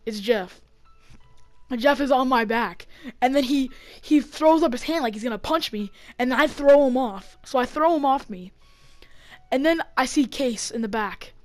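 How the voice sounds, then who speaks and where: A woman telling a story in a casual vlog, rambling with lots of fillers and getting excited as she acts it out on a desk mic. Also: high voice, normal speed, faint music behind. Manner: rambling, heavy on fillers, gets excited acting out the fight. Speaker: vlogger.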